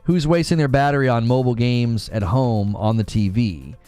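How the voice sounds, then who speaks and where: A man's voice: mid-range voice, moderate pace, faint music behind. A man hosting a live gaming news stream, chatting casually and reading out chat messages. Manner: casual, talks to chat, thanks donors excitedly.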